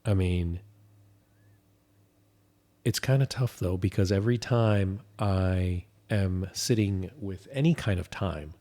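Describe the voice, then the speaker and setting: A man co-hosting a podcast, chatting casually in a relaxed, joking way that often repeats itself. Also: sits low, takes it slowly, long pauses. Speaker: podcast co-host. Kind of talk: casual chat.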